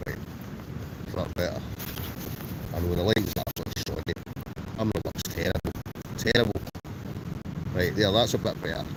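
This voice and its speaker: A chatty, good-humoured Scottish man, a wild camper, live-streams from inside his tent during a storm, reading viewer comments and greeting people by name. His voice is low-pitched at normal speed with long pauses. A howling gale buffets the tent, and the audio is full of roaring wind and garbled, robotic-sounding distortion.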